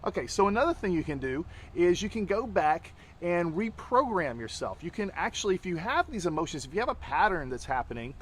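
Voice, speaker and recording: A man's voice: high voice, very animated, fairly quick, few pauses, a bit bright, a little hiss or hum. A man, a tantra teacher, explaining ideas in casual chat and acting out quoted lines with animation.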